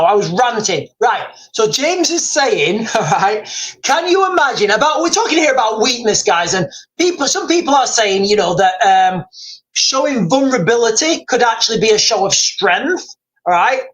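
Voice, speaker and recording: A man's voice: sits high, fairly bright tone, rough recording. A man hosting a livestream, ranting and rambling with emphatic repetition. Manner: rambling, fast and emphatic, repeating himself. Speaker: livestream host.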